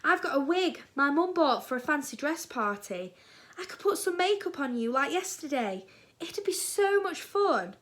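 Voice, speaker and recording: A woman's voice: high-pitched, very animated, moderate pace, fairly bright tone, pitched above the performer's own voice. A woman voicing a bold, playful teenage girl in a storybook reading, eager and coaxing.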